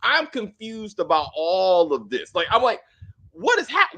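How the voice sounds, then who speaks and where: A man co-hosting a casual TV episode review, blunt and quick to swear, who keeps restarting his sentences and acts out the characters. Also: high-pitched, big pitch swings, sharp tone. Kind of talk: casual chat.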